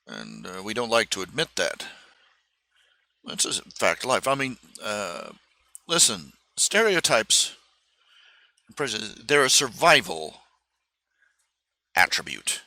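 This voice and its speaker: Bright-voiced man rambling on a stream. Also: lowish voice, wildly swooping pitch, creaky, dry recording. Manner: halting, full of fillers and restarts. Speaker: live stream host. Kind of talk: casual rambling monologue. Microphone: streaming microphone.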